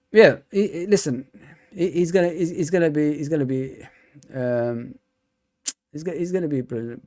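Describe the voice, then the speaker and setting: A man's voice: fairly high pitch, darkish tone. A young man, hosting a live stream and chatting casually with his viewers, rambling and repeating himself with lots of fillers. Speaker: fan channel host. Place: home.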